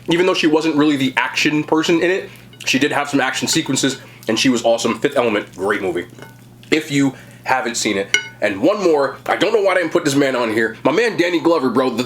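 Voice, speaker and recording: A man in his thirties hosting a mukbang, chatting casually to viewers while he eats. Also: on the high side. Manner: chatty, upbeat, addresses viewers directly. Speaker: mukbang host. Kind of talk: casual chat to camera while eating.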